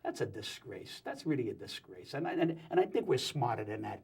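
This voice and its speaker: A man talking as a guest on a talk show, telling jokes and opinions in a rapid, wisecracking way. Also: medium pitch, very animated, creaky, a little mellow, breathy edge. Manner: rapid, joking, wisecracking storyteller. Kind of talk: animated talk show banter.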